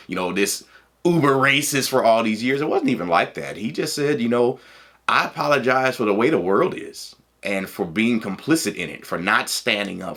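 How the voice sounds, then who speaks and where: A man telling a personal story in a casual, animated way, laughing and acting out what people said. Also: lowish voice.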